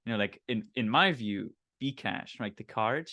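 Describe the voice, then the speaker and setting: Male host, lowish voice, halting and searching for words, dry close mic. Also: expressive, bright, forceful tone, no room sound. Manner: hesitant, many fillers and restarts. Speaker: podcast host. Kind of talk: casual conversation.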